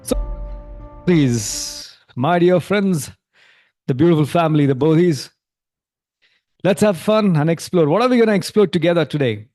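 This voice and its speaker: A man's voice: fairly high pitch, moderate pace, pauses often, no room sound, studio quality, soft background music. A man hosting an online group coaching call, talking in a friendly, encouraging way. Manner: energetic, leads repeated affirmations.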